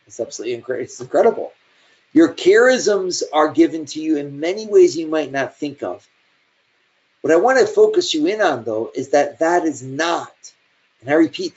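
A man's voice: a little high, a little mellow. Man preaching a sermon, dull lo-fi recording. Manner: conversational storytelling with shifting emphasis.

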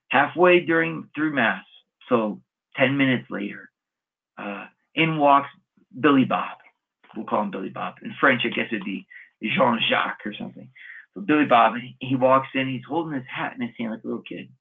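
A man's voice: medium pitch, gravelly, slightly rough. A man, a Catholic monk, preaching a sermon on scripture and telling stories with folksy, chuckling asides. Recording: narrow phone-like radio sound.

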